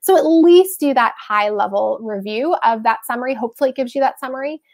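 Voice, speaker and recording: A woman hosting a live stream, giving tax advice in a chatty, frank, animated way. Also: on the high side, brisk. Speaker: host giving tax tips.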